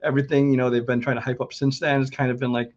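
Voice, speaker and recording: Man, podcast co-host, casual movie chat, measured, hedging, dull lo-fi sound. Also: mid-range voice, little pitch movement.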